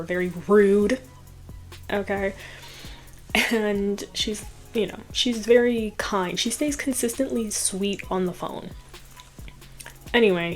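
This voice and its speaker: Chatty woman doing a movie recap, laughs a lot, soft music behind. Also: mid-range voice. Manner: chatty, laughs often, filler "like". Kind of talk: casual storytelling recap.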